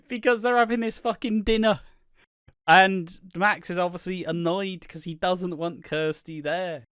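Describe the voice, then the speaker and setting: A man's voice: slow pace, smooth, dry recording, studio quality. A British man co-hosting a podcast, recapping a soap opera in casual chat, swearing a lot and acting out the characters' lines. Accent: British English. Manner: swears constantly, acts out characters' lines with big swings of pitch and loudness. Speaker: podcast co-host.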